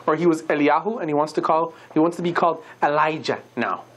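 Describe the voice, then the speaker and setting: A woman giving a religious lecture, telling a story in an animated, conversational way with many asides. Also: low-pitched, fast talker.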